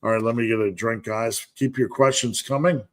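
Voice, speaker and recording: A man's voice: medium pitch, steady tone, brisk. A man hosting a live podcast Q&A, reading viewer comments aloud and answering them in a casual, joking way with frequent laughs. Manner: laid-back, jokey, reads chat comments aloud and laughs often. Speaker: podcast host answering live chat questions.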